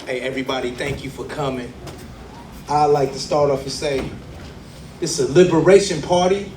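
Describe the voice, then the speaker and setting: A man, giving an impassioned, rhythmic, preacherly speech to a crowd at a community event, building to loud emphatic peaks. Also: medium pitch, fairly even intonation, normal speed, pauses often. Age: 40s. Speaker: exonerated speaker at a book launch. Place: community event hall with audience. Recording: echoey hall, mic from far off.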